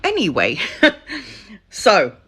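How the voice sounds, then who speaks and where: A woman's voice: medium pitch, wildly swooping pitch, extremely slow, gravelly, fairly bright tone, breathy edge. A middle-aged woman telling a personal story to her viewers in a candid, chatty way, laughing often and swearing freely. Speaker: spiritual content creator.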